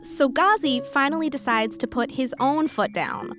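A woman giving scripted narration that links the parts of a story in a calm, even way. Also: sits high, normal speed, music in the background.

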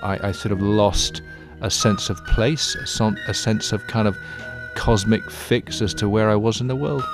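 A middle-aged man recounting an ocean voyage in a reflective, halting way, often restarting words. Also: lowish voice, fairly even intonation, music in the background. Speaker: ocean adventurer. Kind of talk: recounting a story in an interview.

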